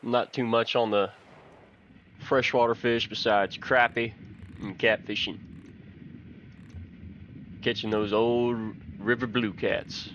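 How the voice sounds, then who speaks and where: A man's voice: mid-range voice, slow, long pauses, highs cut off, slight background noise. A man from Texas, giving folksy, chatty commentary on a fishing game and telling fishing stories. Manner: folksy, chatty, excited when fish bite. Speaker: gaming channel host.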